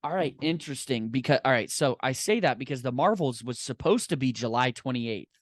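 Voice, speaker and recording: Enthusiastic podcast host, dry close mic. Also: male voice, medium pitch, lively intonation, brisk, no echo. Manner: enthusiastic, rambling. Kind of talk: casual chat.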